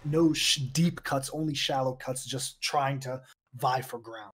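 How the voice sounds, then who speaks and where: A man running a tabletop game as game master, his mid-pitched voice laying out the scene in measured, descriptive narration. He paces the story steadily. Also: a bit bright, breathy edge.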